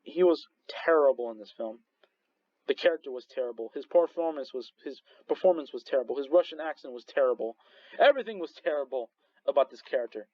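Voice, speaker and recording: A man's voice: medium pitch, expressive, a little fast, dry recording, muffled recording. A man reviewing movies in casual chat, rambling with many restarts and frequent laughs. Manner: rambling, full of restarts and fillers, laughs often.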